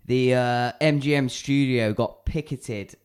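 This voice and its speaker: A man co-hosting a podcast, chatting about a film with dry, quick wisecracks. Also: mid-range voice, clear, resonant tone. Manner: laughs easily, dry wisecracks. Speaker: podcast co-host. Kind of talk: casual chat about a film.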